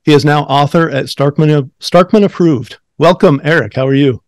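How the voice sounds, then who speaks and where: A man's voice: fairly high pitch, normal speed, no room sound. Upbeat male podcast host, dry sound. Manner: upbeat, friendly, with frequent fillers. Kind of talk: casual interview hosting.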